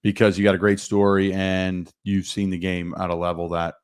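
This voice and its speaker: A man's voice: sits low, completely flat delivery, moderate pace, clean tone. A man hosting a sports podcast, a former football player, asking eager, rambling questions in casual sports talk.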